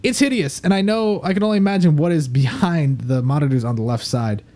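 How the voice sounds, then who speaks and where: A young man hosting a show, chatting and scoring setups in a playful, animated way. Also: on the high side, a little fast. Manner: animated, playful, laughs often. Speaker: show host. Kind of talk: casual review chat.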